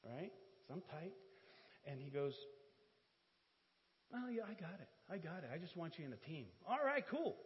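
Animated man telling a church testimony. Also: on the high side, normal speed, long pauses. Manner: animated storyteller, laughs often, self-deprecating asides. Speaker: church speaker giving testimony. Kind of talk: sermon testimony. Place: church hall. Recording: dull church hall audio with reverb.

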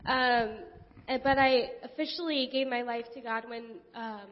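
A woman's voice: a little high, steady tone, unhurried. A woman giving a short, hesitant testimony in church. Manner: hesitant, with fillers. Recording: muffled and distant in a reverberant hall.

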